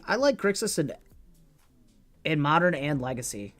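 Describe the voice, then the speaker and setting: A man's voice: a little high, expressive, a little slow, faint music behind. A man casually commenting on his own online card game as a streamer, joking with chat and swearing freely.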